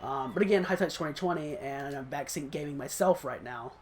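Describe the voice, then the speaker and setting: A man's voice: a little high, brisk, slight background noise. A man casually commenting on his own football video game match, chatty and self-critical, breaking into short laughs. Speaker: gaming channel host.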